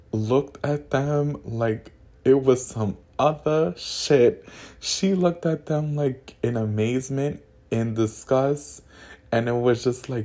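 A man hosting a podcast, telling a story in a gossipy, profane, animated way. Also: mid-range voice. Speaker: podcast host. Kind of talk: casual storytelling.

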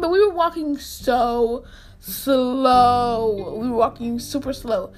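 A young woman casually telling a storytime to her viewers, animated and repetitive, acting out the people in it. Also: measured pace. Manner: animated, repeats herself, acts out quotes in squeaky voice. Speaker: storyteller vlogger.

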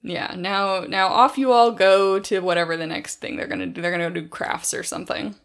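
A woman's voice: mid-range voice, fairly even intonation, moderate pace, fairly bright tone. A woman co-hosting a podcast, chatting casually and recapping a book with lots of fillers. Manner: chatty, frequent fillers, acts out quotes. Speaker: podcast co-host.

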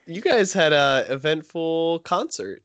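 A man co-hosting a podcast in casual chat, throwing in quick jokes and remarks. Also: fairly high pitch, animated, fairly bright tone, clean tone, no echo, lo-fi sound. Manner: quick joking interjections. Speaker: podcast co-host.

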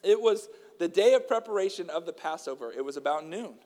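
A preacher delivers his sermon quickly and expressively in a fairly high, darkish male voice. After some casual talk sprinkled with fillers, he reads long passages with strong emphasis, and a long reverb makes it sound like a large hall.

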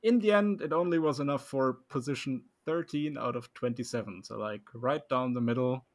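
A man with a German accent hosts a relaxed podcast chat. He announces rankings at an unhurried pace and breaks into laughter easily. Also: medium pitch. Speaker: co-host.

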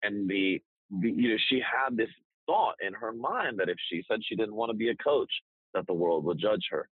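男性 電話のような音質の、かすれた低めの声. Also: male voice, on the low side, normal speed, slightly rough, no echo, phone-quality sound. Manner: blunt, profane, animated storytelling. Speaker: business coach. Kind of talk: casual podcast chat.

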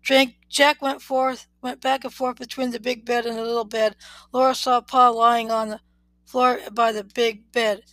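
A woman reading a children's book aloud in a steady, plain way, now and then correcting a word. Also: on the high side, moderate pace, dry recording, low-quality recording. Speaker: reader.

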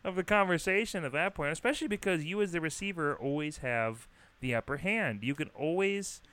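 A man's voice: fairly high pitch, lively intonation, brisk, fairly bright tone. A man chatting casually with a friend, joking and trying out silly announcer-style phone greetings. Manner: jokey, plays with silly phone voices. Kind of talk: casual comedic chat.

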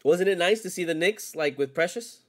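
A man hosting his own sports podcast alone, ranting with constant swearing, jumping from loud outbursts to low mutters. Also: normal speed. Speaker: podcast host. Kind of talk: solo sports rant.

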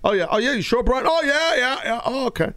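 A man's voice: very high-pitched, expressive, fast, pushed and bright, pitched above the performer's own voice, heavily acted. A man mocking a smug know-it-all coworker. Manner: mocking, sing-song overconfident agreement.

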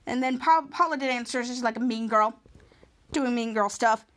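A woman's voice: a little high, normal speed, fairly bright tone. A woman podcast host casually retelling a TV episode, rambling with restarts.

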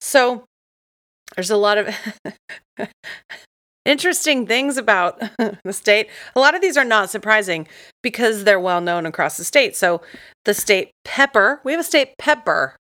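A woman's voice: medium pitch, lively intonation, a little slow, long pauses, sharp tone. A woman from Texas chatting casually as a co-host, giggly and playfully teasing. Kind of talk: casual chat.

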